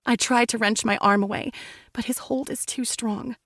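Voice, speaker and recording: A woman's voice: on the high side, steady tone, moderate pace, a bit bright, no echo, studio quality. A woman reading a first-person romance audiobook in a dramatic, intense way. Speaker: audiobook narrator.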